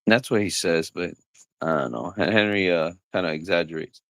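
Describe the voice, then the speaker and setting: A man's voice: sits low, fairly quick, creaky, fairly bright tone, no room sound. A man hosting a casual livestream chat, joking around, laughing things off and acting out the voices of people he quotes. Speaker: livestream host.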